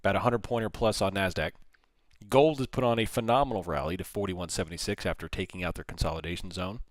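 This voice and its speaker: Man, low voice, dry close sound, live market commentary, folksy, talks to viewers. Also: fast, no echo. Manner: animated, folksy, addresses viewers directly. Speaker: options trader hosting a livestream.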